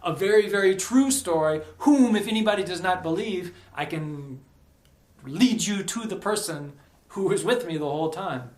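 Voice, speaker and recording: A man telling a personal story in a casual, animated vlog, peppered with "like". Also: sits high, normal speed, reverberant. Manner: animated, chatty, lots of "like".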